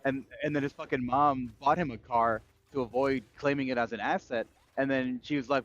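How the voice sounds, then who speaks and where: A man's voice: mid-range voice, steady tone, a little fast, a bit bright. A man streaming, telling a long story as a profane, ranting chat. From United States. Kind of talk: casual livestream chat. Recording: dull lo-fi mic.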